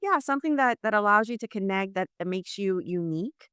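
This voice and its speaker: A woman's voice: medium pitch, brisk, clear, resonant tone, no echo, studio quality. A woman from New Orleans, a communication coach, explaining ideas in an interview over a video call and acting out quoted exchanges. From New Orleans, Louisiana, US South. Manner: explanatory, acts out quoted exchanges in lively voices. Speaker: leadership communication coach, guest. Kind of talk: conversational interview.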